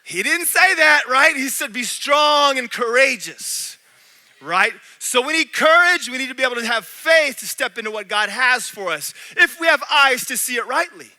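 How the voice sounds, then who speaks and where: A man preaching a sermon in a church, animated, swinging between loud and hushed. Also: very high voice, moderate pace, few pauses. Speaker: pastor.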